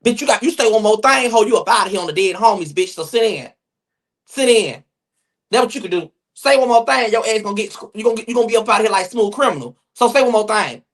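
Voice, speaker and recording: Sassy streamer dishing gossip. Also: male voice, high-pitched, lively intonation. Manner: sassy, rapid, swearing, addresses chat viewers. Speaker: gossip show host. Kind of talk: livestream gossip commentary. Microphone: phone or webcam mic on livestream.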